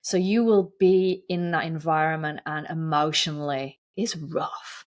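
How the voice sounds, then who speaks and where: A woman's voice: low-pitched, fairly even intonation, a little slow. A woman guesting on a podcast, telling her story in a candid, earnest way in casual interview chat.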